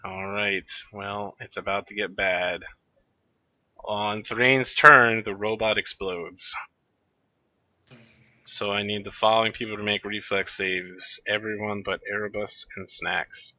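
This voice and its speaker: A man's voice: on the low side, flat delivery, slow, bright, forceful tone, dry recording, muffled recording. A man narrating as game master of a tabletop game, giving matter-of-fact rulings.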